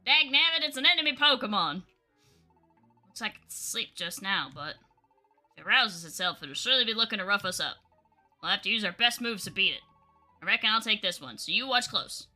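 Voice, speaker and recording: A woman's voice: mid-range voice, animated, brisk, bright, forceful tone, faint music behind, pitched below the performer's own voice. A woman voicing a folksy male leaf creature guide with a Southern drawl, reading game dialogue aloud. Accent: American Southern. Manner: drawling, homespun phrasing.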